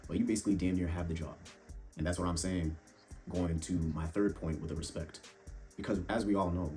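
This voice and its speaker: A man's voice: low voice, steady tone, a little fast, warm tone, faint music behind. A young man giving blunt, profane dating advice straight to the viewer, addressing them as bro. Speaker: fitness and dating vlogger. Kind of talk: casual monologue to camera.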